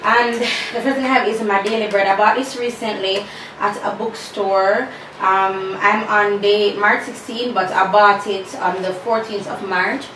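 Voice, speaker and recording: A woman's voice: medium pitch, steady tone, measured pace, fairly bright tone. Chatty woman in an echoey room. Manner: chatty, sassy asides to viewers. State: out of breath. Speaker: vlogger. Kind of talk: casual chat. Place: room at home with a fan. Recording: echoey room, far from the mic, faint hum.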